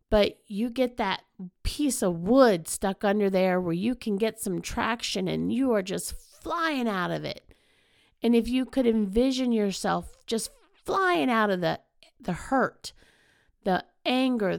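A woman hosts a motivational podcast, speaking in an earnest, emphatic, conversational way. Her voice has a gravelly edge, and she takes her time with each thought. The recording is dry and close, with no room sound. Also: mid-range voice, dry recording. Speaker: podcast host.

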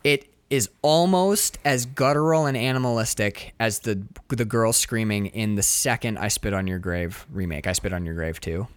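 A man's voice: on the low side, moderate pace, few pauses, clean tone, no echo. A man co-hosting a casual movie-review podcast, talking with profane enthusiasm and frequent restarts. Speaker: podcast co-host.

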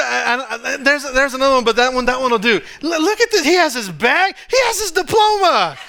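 A man with a Texan accent preaches from a church stage, and his voice sits very high for a man. It has a bright, cutting edge. He tells stories with animated energy, laughing and breaking into shouts. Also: moderate pace, vocal fry, few pauses, slight background noise. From Texas. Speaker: pastor. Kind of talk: sermon.

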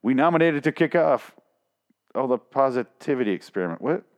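A man's voice: mid-range voice, animated, fairly quick. A man reading an article aloud and mocking it, sarcastic and heavily profane, often stumbling over the words. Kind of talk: profane comedic reading and commentary.

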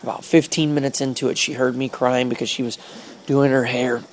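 A man recounts his faith testimony in an earnest, halting voice that sits in a middle pitch. He repeats himself and lets phrases stretch out slowly. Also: flat delivery, slight background noise. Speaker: speaker sharing a personal faith testimony. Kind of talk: emotional personal testimony storytelling.

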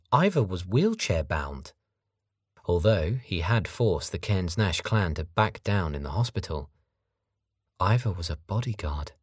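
A man narrating a novel audiobook in a measured, steady reading style. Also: sits low, husky, no room sound, clean studio sound. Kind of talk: scripted narration.

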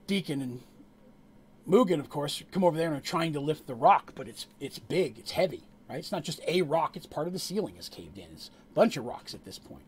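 A man narrating a tabletop game as game master, telling the story with animated asides to the players. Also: a little high, fairly quick, breathy edge.

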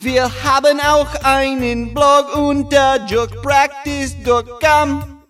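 A man's voice: very high voice, fairly even intonation, slow, a bit bright, faint music behind, voice pushed up, full character voice. A man putting on a Jamaican accent to deliver a podcast promo in a sing-song, rhythmic way.

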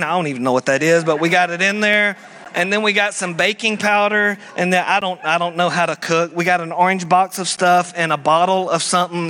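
A middle-aged male pastor preaching a sermon in an animated way, dropping now and then to a low hush and putting on mocking high voices.

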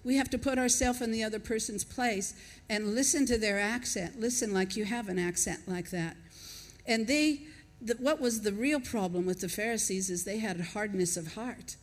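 In a mid-range voice at normal speed, a woman who lives in Australia but isn't from there delivers a sermon to her congregation. She's conversational and reflective, thinking aloud, posing questions to listeners, and chuckling between points.

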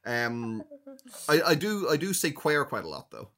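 A man's voice: medium pitch, big pitch swings, moderate pace, pushed and bright. An Irish man co-hosting a podcast, talking in a thoughtful way and searching for his words. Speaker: podcast co-host. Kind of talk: casual chat.

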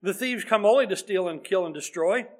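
A man's voice: sits high, fairly quick. A man preaching a sermon in an earnest, conversational way, reading scripture aloud as he goes.

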